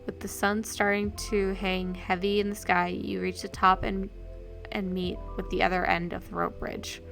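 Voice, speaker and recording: A woman's voice: mid-range voice, little pitch movement, moderate pace, gravelly, fairly bright tone, soft background music. A woman streamer narrating a gamebook in second person, reading aloud with small slips and self-corrections.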